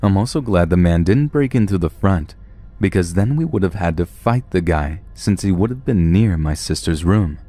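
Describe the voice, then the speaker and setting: A man narrating first-person stories aloud in a plain, steady storytelling manner. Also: low voice, moderate pace.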